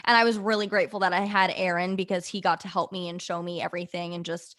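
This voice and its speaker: A young woman spins a story on a podcast with lively energy, acting out every quoted line and filling the gaps with casual fillers. Her delivery is loose and chatty. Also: on the low side, fast. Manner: animated, acts out quoted dialogue with fillers. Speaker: podcast guest, former in-game host.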